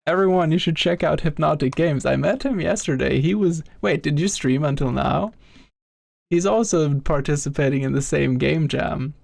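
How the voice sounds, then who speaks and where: A man's voice: on the high side, normal speed, gravelly, no room sound. A young man streaming live as a game developer, chatting with viewers, greeting them by name and muttering to himself while he works.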